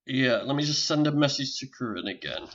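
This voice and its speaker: Brisk and animated, this livestream host speaks at medium pitch with a slightly bright tone. He's an older Northern English man chatting and joking with viewers as he fixes technical issues, heard through dull lo-fi audio.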